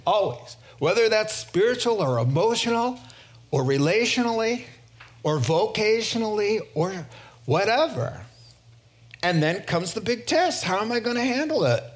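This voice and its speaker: A male pastor delivers a sermon as a lively storyteller, chuckling often and shifting between quick asides and slow, weighty phrases. His voice is high-pitched.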